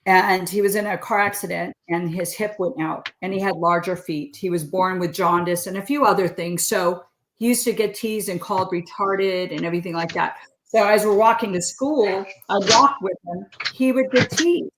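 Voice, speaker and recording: A woman in her sixties from California chats casually as a podcast guest, telling stories and laughing often in an interview setting. Her voice is medium-pitched and steady at a moderate pace, recorded in an echoey room with slight background noise.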